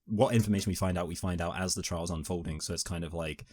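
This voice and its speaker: A man's voice: low-pitched, quick pace, no room sound. A man co-hosting a film review podcast, talking casually and rambling with lots of fillers. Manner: animated, rambling with many "like" fillers.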